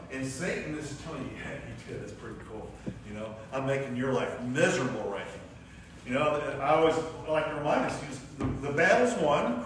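A man's voice: a little high, fairly bright tone, slight background noise. A man leading a church class lesson in a conversational way, asking the class questions and acting out inner voices. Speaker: Sunday school teacher. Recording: echoey room from a distant mic.

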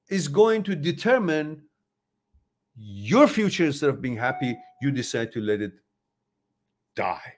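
Blunt, swearing man with lively pitch. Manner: blunt, swears freely, emphatic. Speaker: host. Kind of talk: motivational talk to viewers.

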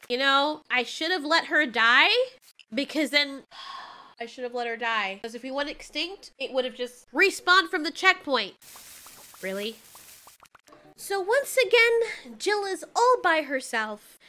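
Bright-voiced woman reacting to a game. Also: high voice, sing-song, measured pace. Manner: exasperated, swearing, reacting loudly to the game. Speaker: gaming channel host. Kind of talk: live gameplay commentary.

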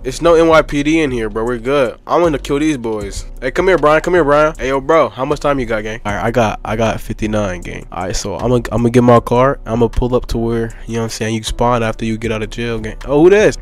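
A man's voice: mid-range voice, quick pace, hardly any pauses, soft background music. A young man giving casual gameplay commentary, hyped and full of slangy trash talk. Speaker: gaming YouTuber.

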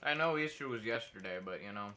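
A man's voice: medium pitch, lively intonation, fast talker, pushed and bright. A young adult man streaming a game, rambling casually and silly, talking to himself and the enemies and making nonsense noises. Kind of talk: casual gameplay commentary.

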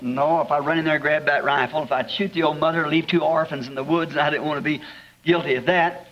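A man with a Southern accent preaching, telling homespun stories in a chuckling, drawn-out way to a congregation. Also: on the high side, a bit bright. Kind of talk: folksy storytelling sermon. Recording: dull lo-fi archival sermon tape, long hall reverb, faint hiss.

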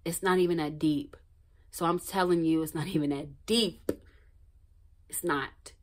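Woman, low-pitched, casual motivational vlog, blunt, swears a lot, repeats for emphasis, loud bursts and soft asides. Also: steady tone, a little slow. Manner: shifts between loud outbursts and hushed, near-whispered asides. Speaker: motivational vlogger. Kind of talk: casual motivational talk to camera.

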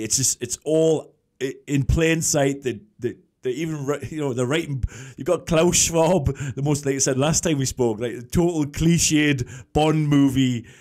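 A man in his forties hosts a podcast in a relaxed, casual way. He agrees readily and laughs easily as he talks. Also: medium pitch. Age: 40s. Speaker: podcast host.

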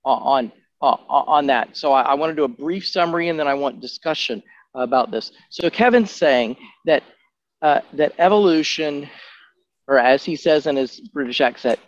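A man's voice: a little high, moderate pace, no room sound. A man, a pastor, moderating a Bible study discussion, speaking carefully with many stammers and restarts. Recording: dry, dull lo-fi audio.

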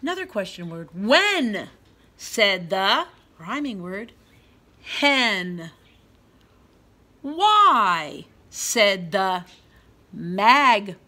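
A woman teaching a guided reading lesson for young children, sounding out letters clearly, reading quoted words loudly, and praising them often. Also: medium pitch, animated, slow pace. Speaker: preschool teacher.

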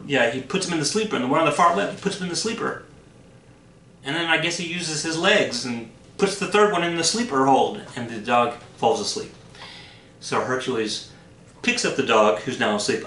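Guy teacher telling a myth, bright voice, kinda roomy and far from the mic. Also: mid-range voice. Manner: casual, animated, jumps into character voices. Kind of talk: storytelling for students.

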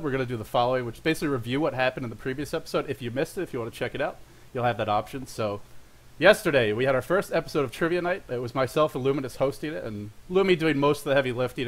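Fast-talking young man hosting his show. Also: medium pitch, fairly bright tone. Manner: rambling, self-deprecating, with frequent fillers and laughs. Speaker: show host. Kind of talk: casual monologue.

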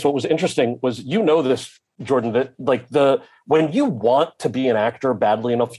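A man, an actor guest on a podcast, telling stories in an animated way and acting out the people he quotes. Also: medium pitch, husky. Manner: animated, acts out quoted people in his anecdotes. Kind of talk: conversational storytelling.

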